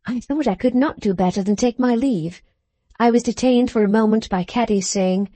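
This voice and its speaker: A woman narrating a classic novel as an audiobook in a measured, even manner. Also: medium pitch, dry recording. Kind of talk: scripted narration.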